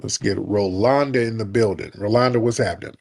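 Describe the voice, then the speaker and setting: Low-voiced man hosting a live call-in. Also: vocal fry, a little mellow. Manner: laid-back, quick comebacks, calls people "sir". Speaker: host. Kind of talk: live audio chat show.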